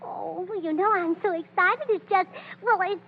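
A woman's voice: extremely high pitch, moderate pace, highs cut off, slight background noise. An actress playing a flighty, chattering young woman who gushes and stammers, in 1930s radio acting, on an old radio broadcast. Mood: scatterbrained. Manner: breathless, gushing, stammering.

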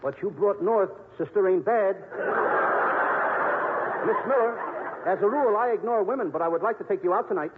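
A man doing boyish, excitable wisecracks in a 1940s radio comedy. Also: sits high, normal speed, long pauses, in a large hall. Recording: tinny, hissy 1940s radio broadcast.

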